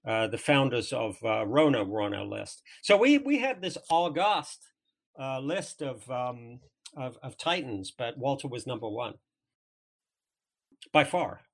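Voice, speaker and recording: A man from England with a southern English accent tells stories as a guest on a podcast interview; he is a former trade magazine editor. His medium-pitched voice is expressive and a little slow, with vocal fry, and his delivery rambles with many restarts and fillers.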